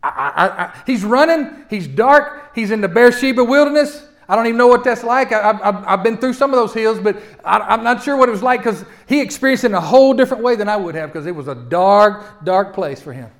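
A man preaches a folksy sermon. His voice sits fairly high, rises loud at the peaks and drops to a near hush. He often stumbles over his opening words and repeats them. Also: lively intonation, fairly quick, few pauses. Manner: folksy preaching with big swings from loud to hushed; repeats words when starting sentences. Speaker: pastor.

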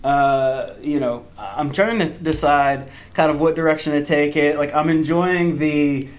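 Excited man telling a story. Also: measured pace. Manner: excited storyteller, acts out quotes in a higher voice. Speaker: fan event organizer. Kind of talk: casual podcast chat.

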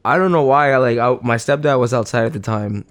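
A man's voice: mid-range voice, fast. A man co-hosting a podcast, telling a story loosely and profanely, chuckling between phrases. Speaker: podcast co-host. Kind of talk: casual storytelling chat.

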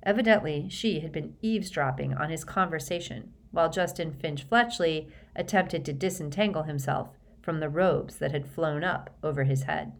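A woman reading a story aloud as an audiobook narrator, in a steady, measured way. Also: low voice. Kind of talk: scripted narration.

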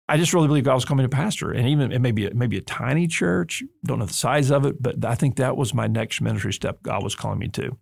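A man's voice: medium pitch, fast talker, creaky, few pauses, a little mellow, no echo. A man hosting a podcast in a studio, talking in an emphatic, earnest way with touches of humor. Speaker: podcast host and seminary leader. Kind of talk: conversational podcast discussion.

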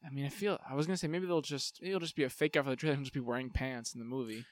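A man's voice: medium pitch, fairly even intonation, racing, no room sound. A man co-hosting a podcast in casual chat, rambling with restarts and slipping into comic impressions. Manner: rambling, restarts, mimics people in comic voices. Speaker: podcast co-host.

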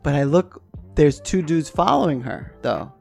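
A man's voice: fairly high pitch, moderate pace, gravelly, faint music behind. A man co-hosting a podcast, telling a casual story, swearing freely and laughing as he goes. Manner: lively and laughs often while telling the story. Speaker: podcast co-host.

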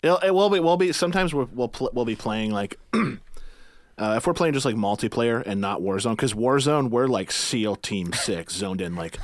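A man's voice: medium pitch, lively intonation, normal speed. A man chatting casually as a podcast guest, loose and joking, laughing often and slipping into impression voices.

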